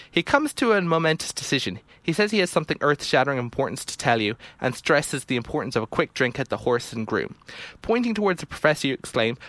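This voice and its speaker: A man's voice: mid-range voice, fairly bright tone, no room sound. Man reading game text, dry sound. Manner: reads text adventure prose aloud, muttering typed commands between musings. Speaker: video game player. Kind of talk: let's play commentary, reading game text aloud.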